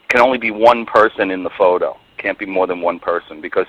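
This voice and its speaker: A man talking casually as a guest on a radio show, rambling with many halting restarts. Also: deep voice, a bit bright, lo-fi sound.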